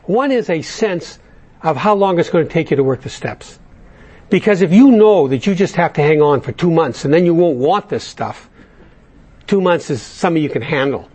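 Husky-voiced man leading a recovery workshop. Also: a little high, expressive, normal speed, darkish tone. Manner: blunt, conversational, with many restarts. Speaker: workshop speaker. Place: large meeting room.

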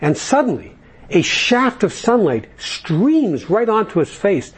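A husky-voiced man talking to a recovery group, loose and conversational. He tells jokes and stories and keeps circling back with fillers. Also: sits high, sing-song, takes it slowly. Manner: conversational storyteller, jokey, with fillers. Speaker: recovery program speaker.

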